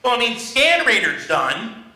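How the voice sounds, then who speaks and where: A man with a high, very bright, forceful voice leads a negotiation workshop for a live class. He teaches in a humorous, self-mocking storytelling manner. The sound rings around an echoey training room. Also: very animated, unhurried.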